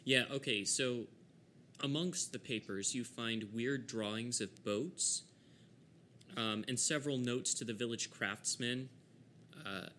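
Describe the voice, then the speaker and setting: A man's voice: mid-range voice, takes it slowly, sharp tone, slight background noise. A man narrating as game master of a tabletop game, laughing often as he describes the scenes.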